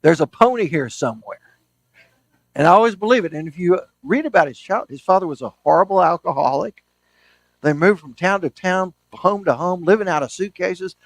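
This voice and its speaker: A man's voice: sits high, a little fast, no room sound. A man, a historian and author, giving a book talk as an enthusiastic storyteller, often restarting his sentences. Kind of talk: lecture with anecdotes.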